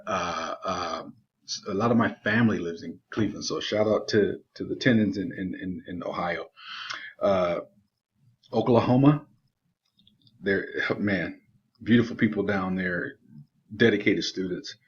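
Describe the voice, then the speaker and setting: A middle-aged man, a GED teacher, excitedly giving warm shout-outs to students with many fillers. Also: low voice, a little slow, long pauses. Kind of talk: enthusiastic video announcement. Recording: dull lo-fi video audio.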